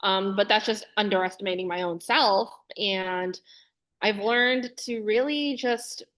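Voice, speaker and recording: A woman's voice: medium pitch, a little slow, a bit bright. A woman guest on a podcast, speaking candidly and reflectively in casual chat. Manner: candid and reflective, with frequent fillers.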